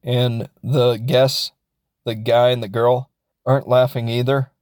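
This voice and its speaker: A man's voice: mid-range voice, little pitch movement, measured pace, darkish tone, no room sound, clean studio sound. A man casually recapping a film as a reviewer, rambling and joking and acting out the characters. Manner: rambling, jokey, acts out characters.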